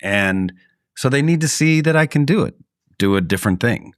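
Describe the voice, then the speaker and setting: A man's voice: mid-range voice, lively intonation, normal speed, no echo, clean studio sound. A man co-hosting a podcast, a character actor talking in a playful, self-deprecating casual chat.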